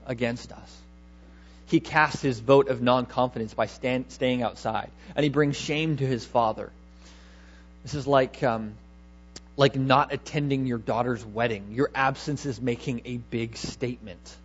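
A man's voice: medium pitch, fairly even intonation, unhurried, highs cut off. A man preaching a sermon, emphatic, repeating key words and asking rhetorical questions.

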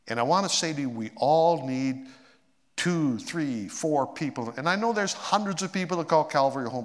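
Man preaching in a reverberant church. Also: mid-range voice. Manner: personal storytelling, swinging from excited to hushed and emotional. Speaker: pastor. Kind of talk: sermon.

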